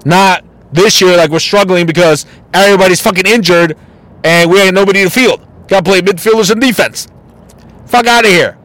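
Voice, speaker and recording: A man's voice: high voice, a little fast, a bit bright, no room sound. A man hosting a casual solo podcast, ranting bluntly and mockingly with plenty of swearing. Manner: mocking and exasperated. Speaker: podcast host.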